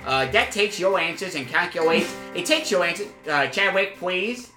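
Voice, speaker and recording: A man hosting an improvised comedy podcast, rambling and halting with many fillers before turning suddenly emphatic. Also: high-pitched, lively intonation, bright, forceful tone, roomy sound, faint music behind. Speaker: podcast host.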